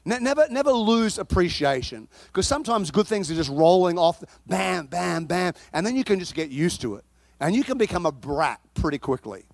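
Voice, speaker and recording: A man with a notably high voice preaches with lively, story-driven energy. He rises into loud shouting at times. The sound is dry and close. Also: moderate pace, vocal fry, dry recording. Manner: animated storytelling, bursts into shouting. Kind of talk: sermon.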